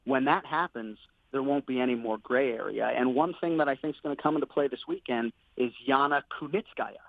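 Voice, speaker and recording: A man's voice: mid-range voice, a little fast, creaky, dry recording. Male sports commentator, thirties, phoned-in guest; earnest, upbeat, fills with "you know" and "man". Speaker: MMA play-by-play commentator, guest. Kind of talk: casual interview chat. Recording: tinny phone line, dry.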